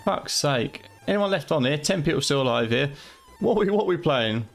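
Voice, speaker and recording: A middle-aged man from Fenland, England, with a Fenland English accent, streams a game live late at night from home. His voice is on the high side, animated and creaky, at normal speed, with faint music behind. He rambles and swears loosely as he plays.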